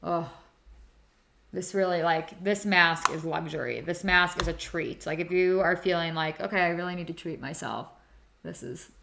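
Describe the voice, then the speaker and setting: A woman's voice: on the low side, moderate pace, vocal fry, a bit bright, slight background noise. A young woman chatting casually to viewers while doing her skincare on a livestream, giggly and reacting to comments. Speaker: beauty livestream host.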